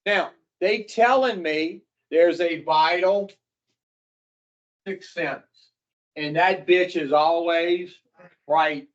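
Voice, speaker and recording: Man, recovery group teacher, blunt and profane, questions the group, slow, dull lo-fi sound. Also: on the high side. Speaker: addiction recovery counselor. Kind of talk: classroom talk to a recovery group. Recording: dull lo-fi recording.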